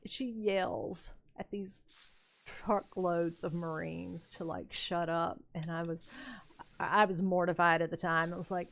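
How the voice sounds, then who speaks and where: While building in a game on her stream, an older woman tells rambling, unhurried stories about her youth, full of fillers and chuckles. Her voice is lowish, expressive and creaky.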